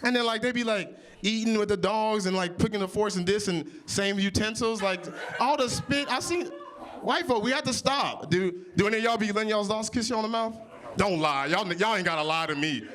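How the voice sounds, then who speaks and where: A man in his early thirties doing improvised stand-up comedy on audience topics, with big jumps in pitch when he quotes people. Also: a little fast, a little hiss or hum. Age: 30s. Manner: animated, jumps high for quoted voices. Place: comedy club stage. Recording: live venue with audience.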